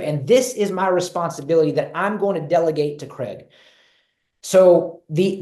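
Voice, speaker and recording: A man's voice: sits high, warm tone, reverberant. A man presenting in a leadership webinar, talking earnestly and repeating key phrases for emphasis over a video call. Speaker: guest speaker on leadership.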